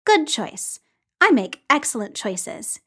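A wry, grumbling grown man, as a woman reading a story puts him on, his voice pitched up and bouncing high. He teases and complains in quick, casual bursts. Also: sing-song, fairly bright tone, breathy edge, heavily acted. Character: wry, grumpy adult man, hungry and teasing.

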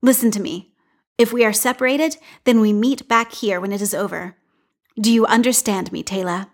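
A woman's voice: mid-range voice, fairly even intonation, normal speed, gravelly. Woman voicing a frightened, urgent mother. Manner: urgent, tense. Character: fearful, protective mother.

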